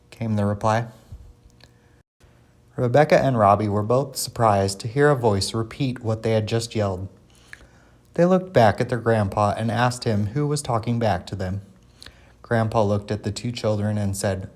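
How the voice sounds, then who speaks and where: A man's voice: fairly low pitch, normal speed. Man reading a children's story. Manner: plain, steady reading with small slips and restarts.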